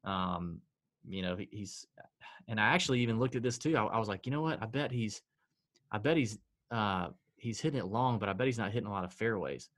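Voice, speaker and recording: Brisk and fairly bright, with a fairly low pitch, a man co-hosts a relaxed betting podcast. He reels off statistics, lets out sighs, and keeps up a dry, self-deprecating streak.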